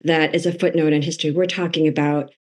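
Author guest, woman from Massachusetts, eager and fan-like, lower pitch. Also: level tone, fast talker, darkish tone. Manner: eager, fan-like, self-interrupting. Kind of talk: casual interview chat.

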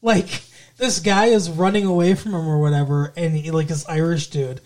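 A middle-aged podcast co-host in casual chat, rambling with lots of fillers and dropping into quick jokey impressions. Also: mid-range voice, fairly even intonation, a little mellow.

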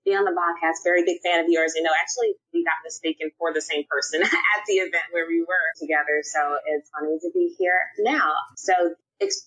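A woman's voice: deep voice, a bit bright, poor audio. A young adult woman, a guest on a podcast, talking in an upbeat, candid and casual way with some slang. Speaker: podcast guest, nonprofit PR professional. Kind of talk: podcast interview.

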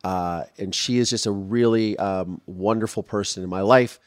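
A man's voice: on the low side, steady tone, moderate pace, no echo, clean studio sound. A man hosting his own podcast, talking casually and emotionally, rambling with lots of fillers and restarts. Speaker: podcast host.

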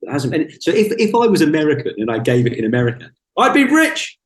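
A man's voice: a little high, wildly swooping pitch, fast. A man in his fifties, a guest in a casual podcast conversation, talking with wry, blunt, self-mocking humor. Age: 50s. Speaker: podcast guest, speaker and author. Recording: roomy echo.

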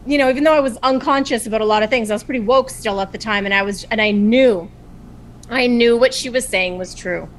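Chatty woman guest, animated storyteller, higher voice, faint hiss behind. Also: fairly quick, low-quality recording. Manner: animated, chatty, full of fillers like "like" and "you know". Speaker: podcast guest. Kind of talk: casual storytelling chat. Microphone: video call.

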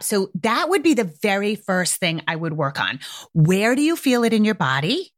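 A woman hosting an advice podcast, speaking at a middling pitch. Her delivery is frank and casual, with frequent swearing. She keeps asking the listener direct questions, sometimes speeding up and sometimes slowing down. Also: sing-song, no echo, clean studio sound. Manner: frank and blunt, swears freely, coaching tone; asks many direct questions, speeds up and slows down. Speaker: podcast host giving parenting advice.

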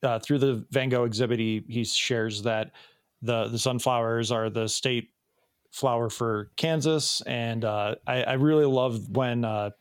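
A man's voice: medium pitch, a little slow, clear, resonant tone, dry recording, studio quality. A man in his thirties from the Chicago area, co-hosting a podcast and recapping a TV episode in casual, rambling chat with many ums and restarts. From Chicago area, USA. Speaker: podcast co-host.

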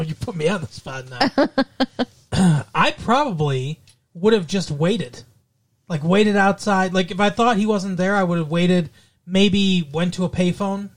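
A man co-hosting a casual podcast, retelling TV scenes with a lot of laughing and loud acted-out lines. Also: sits high. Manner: animated, acts out scenes in loud silly voices, laughs often. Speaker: podcast co-host. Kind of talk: casual chat recapping a TV show.

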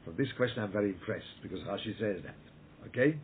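A man with a fairly low voice teaches a Torah lesson as a rabbi, pressing each point hard and repeating himself. He keeps checking in with his listeners as he answers their questions. He comes through a thin, phone-like line with a faint hiss behind him. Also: animated, fast talker. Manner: emphatic, repeats words, checks in with "yeah?" and "okay?".

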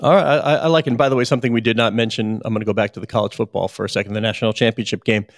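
A man's voice: fairly low pitch, steady tone, very fast, no room sound, studio quality. A man co-hosting a sports business podcast, chatting conversationally and posing pointed questions. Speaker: podcast co-host. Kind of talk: podcast discussion.

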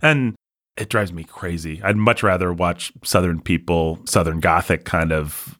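A man co-hosting a casual film podcast, talking animatedly, laughing often and mocking things with quick put-on voices. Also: low-pitched, fairly bright tone, dry recording, clean studio sound. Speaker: podcast co-host.

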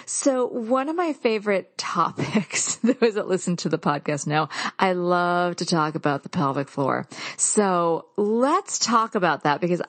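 A woman in her thirties hosting a podcast, telling stories in a lively way and laughing often. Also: fairly low pitch, a little slow, no room sound. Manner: laughing, animated storytelling. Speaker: podcast host. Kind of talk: casual conversational interview.

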